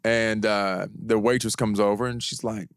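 A man's voice: fairly low pitch, flat delivery, clear, resonant tone, no echo, clean studio sound. A man telling a funny drunk story in a casual chat, laughing as he goes. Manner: joking, quick, laughs through his stories.

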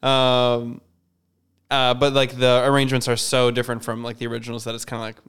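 A man's voice: mid-range voice, monotone, brisk, fairly bright tone, clean tone. A man co-hosting a podcast in casual chat, rambling and correcting himself, often laughing. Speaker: podcast co-host.

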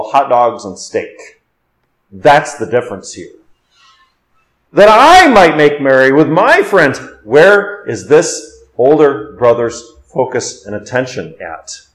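A male pastor delivering an expository sermon, rising and quickening when he quotes scripture and dropping low and slow for emphasis. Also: rough recording.

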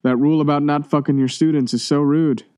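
A brash, crude young acting teacher in an audiobook, boastful and loud, as a male reader voices him. His voice is mellow and dark, close and dry on the mic. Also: on the high side, fairly even intonation, brisk, clean tone, dry recording, close to an everyday voice. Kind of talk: audiobook reading.

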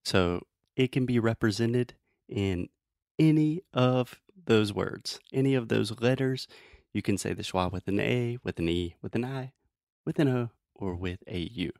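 A man teaching English pronunciation in a casual, playful way, explaining slowly with many examples. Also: medium pitch, darkish tone, no room sound, clean studio sound.

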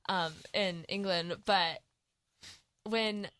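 A woman's voice: medium pitch, steady tone, very slow, fairly bright tone, clean tone, no echo. A teenage girl co-hosting a student radio talk show, chatting in a rambling way and laughing often. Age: teens. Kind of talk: casual chat.

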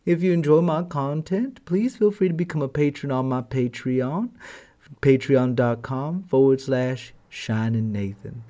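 A man narrating a fairy tale as host of a storytelling channel, gentle and affectionate. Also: medium pitch, measured pace.

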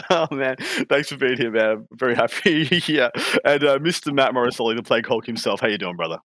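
An Australian man hosting a casual podcast, chatty and quick to laugh, often repeating words as he thinks. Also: medium pitch, animated, a bit bright, dry recording. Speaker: podcast host.

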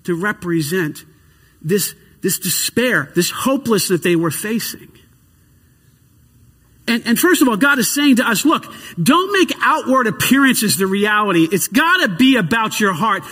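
A pastor preaching an impassioned sermon, swinging between hushed and shouted passages. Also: male voice, sits high, husky. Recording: long hall reverb.

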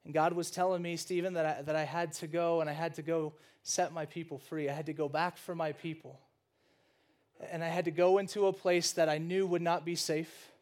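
Moses, as a preacher puts him on, low and weary. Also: male voice, little pitch movement, fairly quick, darkish tone, natural voice. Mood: earnest. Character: Moses, an older man, weary, matter-of-fact storyteller.

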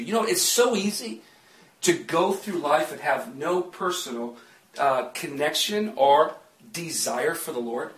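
A man's voice: fairly high pitch, animated, unhurried, a bit bright. A man preaching a sermon in a chatty way, often laughing and joking with the congregation in a church. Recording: echoey church from a distant mic.

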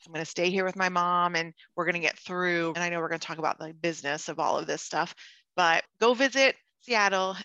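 Bright, earnest woman telling a family story. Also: lowish voice, flat delivery, fast, no echo, dull audio. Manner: earnest, emotional retelling with frequent laughs and restarts. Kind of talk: casual conversational storytelling.

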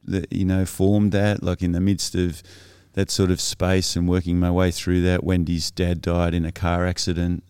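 A middle-aged man speaks as a podcast guest, his voice low, smooth and resonant. He tells his own story in a reflective, halting way, often restarting his sentences. The sound is dry, with no room echo. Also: completely flat delivery, a little mellow. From Australia. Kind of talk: casual personal storytelling.

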